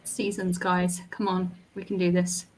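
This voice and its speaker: A woman's voice: on the low side, monotone, measured pace, a little mellow, a little hiss or hum. A British woman playing a riddle game as a guest, thinking aloud and laughing at her guesses. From Britain. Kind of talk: casual chat.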